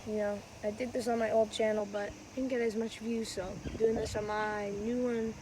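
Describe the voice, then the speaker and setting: Chatty woman demoing pitches outdoors. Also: level tone, moderate pace, noisy background. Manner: rambling, chatty, self-correcting. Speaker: wiffleball player and channel host. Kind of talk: casual how-to vlog. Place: outdoors on a windy day. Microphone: phone camera.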